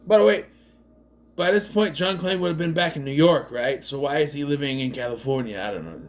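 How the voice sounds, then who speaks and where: A man's voice: fairly high pitch, fairly quick. A man giving a casual, rambling movie recap, laughing at the gags and acting out quoted lines. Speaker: movie reviewer.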